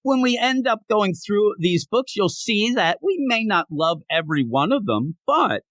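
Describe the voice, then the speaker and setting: A sick, short-of-breath man hosts a comic book podcast, his fairly high voice bouncing lively up and down. He jokes and rambles through the chat. The sound is dry and close. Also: a little slow, dry recording. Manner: joking, rambling, teasing. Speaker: podcast host.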